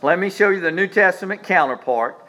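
A man preaching a sermon as pastor, swinging from quiet low asides up to emphatic high peaks, often restarting his phrases. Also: lively intonation, brisk, low-quality recording. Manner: repeats words and restarts phrases while speaking.

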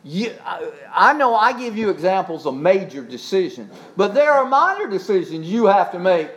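Animated high-voiced preacher man. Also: rough recording. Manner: preaching with dramatic swings, shouts and drawn-out emphasis. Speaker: pastor. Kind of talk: sermon.

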